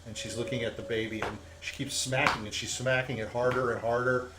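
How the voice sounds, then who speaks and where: A man's voice: medium pitch, little pitch movement, a little fast, very noisy. A man narrating as game master, telling the scene in a loose, rambling way with many fillers.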